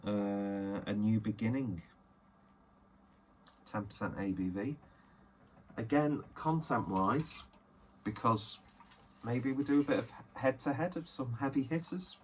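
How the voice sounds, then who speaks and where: A man's voice: mid-range voice, lively intonation, takes it slowly, pauses often, a little hiss or hum. A man chatting casually and self-deprecatingly as he unboxes and reviews beers, rambling with many fillers. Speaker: beer reviewer.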